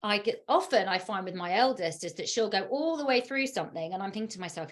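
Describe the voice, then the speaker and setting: A woman parenting coach hosting a podcast chat, talking in an animated, emphatic way with frequent laughs. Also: medium pitch, fast talker, few pauses.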